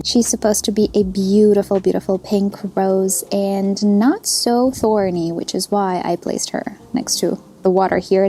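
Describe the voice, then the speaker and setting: A woman talks through her garden in a relaxed vlog, chatty and enthusiastic with a self-deprecating streak. Her voice is soft and mellow. She is recorded outdoors on a camera mic. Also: medium pitch, slight background noise. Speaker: gardening channel host. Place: outdoor garden, windy day.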